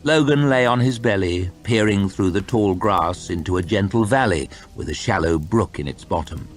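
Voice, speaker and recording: A man reading a fantasy novel aloud in an expressive storytime style. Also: sits low, moderate pace, faint music behind. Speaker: audiobook reader.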